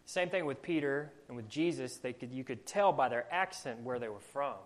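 A man's voice: mid-range voice, expressive, normal speed. A man with a Southern US accent preaching a sermon, earnest and full of rhetorical questions. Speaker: pastor.

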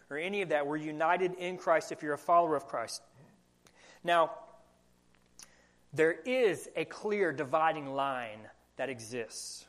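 A young adult man with an American Southern country accent preaches a sermon as pastor, his voice on the high side and a bit bright. He's earnest and poses questions to the congregation.

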